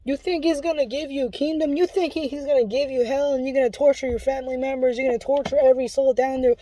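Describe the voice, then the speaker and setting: A man's voice: extremely high pitch, fairly even intonation, fast, mellow, no room sound. A man delivering an impassioned spoken warning, pleading and urgent in a preachy way, often restarting his sentences. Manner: rambling with restarts. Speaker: self-described Luciferian giving a testimony.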